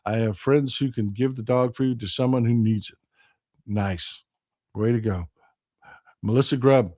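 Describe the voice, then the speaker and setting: Man, folksy livestream host, rambling chat, middle pitch, dry close mic. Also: very animated, a little slow, dry recording. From Texas. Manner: folksy and chatty, rambling with restarts. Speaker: host of a live call-in stream. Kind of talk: casual chat reading viewer comments.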